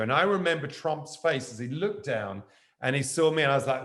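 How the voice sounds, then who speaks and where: Lively middle-aged male storyteller. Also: medium pitch, a little fast. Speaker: guest. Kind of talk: casual conversation.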